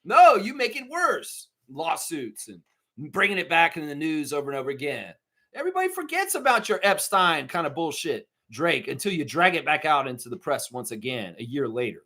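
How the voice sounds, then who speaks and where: A man's voice: a little high, fairly quick. A man hosting a live stream, chatting casually, reading viewer comments and breaking into mocking outbursts. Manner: animated, swings into mocking impressions and shouts; reads and answers viewer chat.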